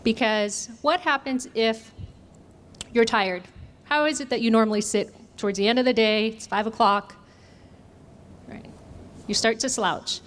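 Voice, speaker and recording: A woman's voice: on the high side, unhurried, pauses often, a bit bright. A woman trainer leading an interactive workshop, asking the audience questions and answering them. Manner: engaging, asks audience questions. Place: conference room.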